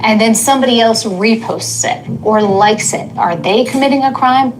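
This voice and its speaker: A woman's voice: on the high side, normal speed, slight background noise, poor audio. Lady reporter, tv news voiceover, straight questions. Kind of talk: broadcast news narration and interview.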